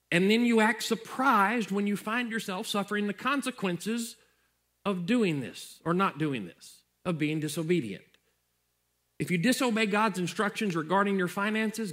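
A man's voice: sits high, a bit bright. Preaching man, repetitive and earnest. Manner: conversational preaching, repeats phrases for emphasis. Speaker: pastor. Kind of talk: sermon.

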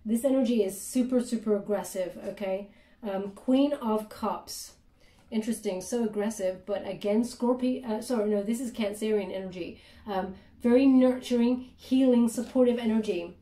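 A woman doing a chatty tarot reading with many fillers, now and then dropping into soft murmured prayers. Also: mid-range voice, normal speed. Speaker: tarot reader. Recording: roomy, distant from the mic.

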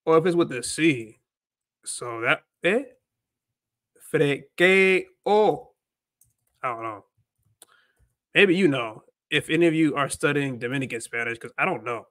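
High-voiced man chatting on a livestream. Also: fairly bright tone, no room sound. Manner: rambling, filler-heavy, self-correcting. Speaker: livestream host learning Spanish. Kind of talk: casual livestream chat.

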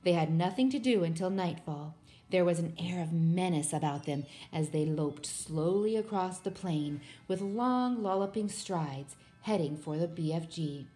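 A woman reading a children's book aloud in a steady, expressive way. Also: on the low side, measured pace, soft background music. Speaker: storybook reader.

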